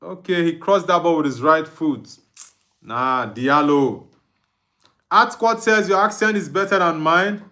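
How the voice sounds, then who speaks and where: A young man from Nigeria who speaks English with an Igbo accent hosts a live football watch-along, reading viewer comments aloud and answering them. He laughs often as he talks. His voice is bright and sits a bit high for a man. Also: unhurried. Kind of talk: live stream chat reading.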